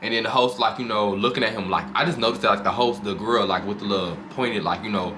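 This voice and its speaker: A man with a lowish voice talks quickly as he recaps a reality show for his own channel, gossiping, swearing casually and adding dramatic flair. Background noise is noticeable throughout.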